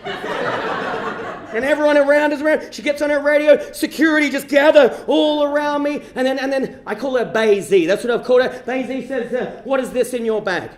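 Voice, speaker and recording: A man's voice: very high voice, steady tone, normal speed. A man doing stand-up storytelling on a comedy stage, rambling and self-mocking, with frequent restarts. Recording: roomy live venue.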